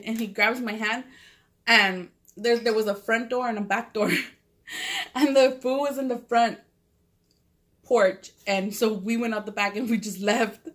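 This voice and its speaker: A woman's voice: fairly high pitch, steady tone, unhurried, fairly bright tone. A woman, telling a story in casual, profane, rambling talk full of "like" while eating at home. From Southern California. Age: 30s. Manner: profane, rambling, lots of "like" fillers. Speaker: mukbang vlogger. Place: at home with a cat.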